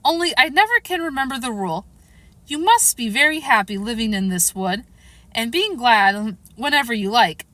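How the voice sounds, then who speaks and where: A woman reading aloud gives a muddled storybook queen who talks in a lofty, fussy way and can tip into shrill shrieks. The voice sits raised and bright with wide swings in pitch, heard dry and close. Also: lively intonation, normal speed, dry recording. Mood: fussing. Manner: flustered, lofty, given to shrill screams. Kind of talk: audiobook character reading.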